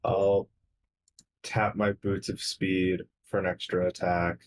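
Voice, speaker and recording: A man's voice: low-pitched, little pitch movement, slow pace. A man playing in a tabletop game, matter-of-fact and asking rules questions. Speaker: player. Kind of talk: casual game chat.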